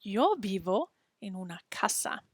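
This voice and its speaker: A woman teaching a children's language lesson, patient and encouraging, speaking slowly and clearly. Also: mid-range voice, very animated, dry recording, clean studio sound.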